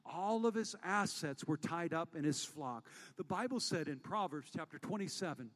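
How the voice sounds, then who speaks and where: A man preaching a sermon as pastor, moving between hushed storytelling and loud, rallying calls to the congregation. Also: a little high, expressive, normal speed, in a large hall. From United States.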